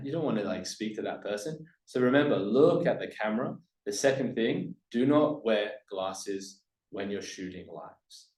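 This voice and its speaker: A man's voice: on the low side, a little mellow, echoey room, poor audio. A man giving a coaching presentation to camera, pushing his points hard and swinging his voice up and down for emphasis. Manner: emphatic, demonstrates upward and downward inflection, drops voice on key points. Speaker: business coach.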